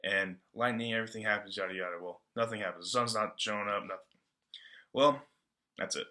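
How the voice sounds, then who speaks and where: A man's voice: on the low side, brisk, bright, forceful tone. A man giving a casual book-report talk in a loose, slangy way, full of fillers. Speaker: student presenter.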